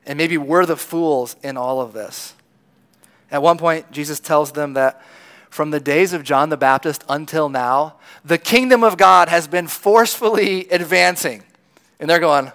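A man's voice: a little high, a little slow, creaky, a bit bright. A man preaching a sermon in a conversational storytelling manner, acting out the lines of people in the crowd. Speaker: pastor.

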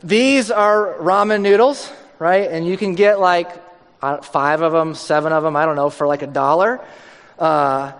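A man's voice: a little high, a little slow, clean tone, big-room sound, a faint crowd. A male pastor giving a conversational, joking sermon.

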